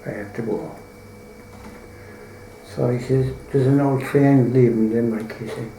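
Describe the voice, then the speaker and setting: A man's voice: mid-range voice, steady tone, moderate pace, mellow, echoey room, a little hiss or hum, poor audio. An Irish man telling a folk tale in a rambling, colloquial way, full of swearing. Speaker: storyteller.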